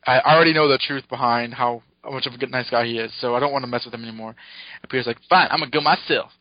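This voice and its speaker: A man co-hosting a podcast, recapping a comic in casual chat, excited, laughing often and acting out the characters' lines. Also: medium pitch, fast, dry recording. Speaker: podcast co-host. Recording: dull lo-fi podcast mic.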